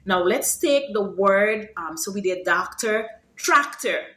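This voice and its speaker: A woman from Guyana with a Guyanese accent, teaching her Creolese accent in a casual lesson, explaining slowly and jumping into high, lively example phrases. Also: echoey room. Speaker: language teacher.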